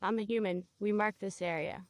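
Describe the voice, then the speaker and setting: A woman teaching a cosmetology procedure, guiding a student step by step and checking in with quick questions. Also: mid-range voice, fairly even intonation, no room sound, studio quality. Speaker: cosmetology instructor. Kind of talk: hands-on training demonstration.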